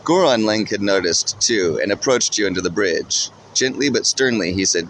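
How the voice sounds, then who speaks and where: A man narrates a second-person story in a steady, even read. His voice sits low, and a faint hum of ambience sits behind him. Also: moderate pace, hardly any pauses.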